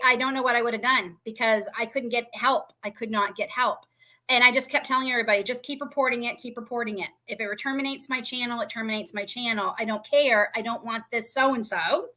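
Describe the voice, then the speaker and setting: A woman chats live to her viewers from beside a fireplace at home. Her voice sits a little high and sounds bright and clear. She rambles warmly and emotionally, full of ums and heartfelt thanks. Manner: emotional, grateful, rambling with fillers. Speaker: homestead channel host. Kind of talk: casual livestream chat to viewers. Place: indoors by a fireplace.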